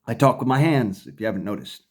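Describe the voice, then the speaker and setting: A man's voice: mid-range voice, sing-song, fast, a little mellow. A man delivering a profane, combative ranting monologue to camera, often stumbling and restarting his sentences. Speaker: vlogger.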